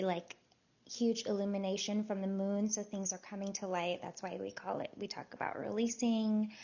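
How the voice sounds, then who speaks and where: A woman's voice: medium pitch, darkish tone. A woman astrologer talking casually in a voice note, chatty and full of fillers. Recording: dull lo-fi voice note.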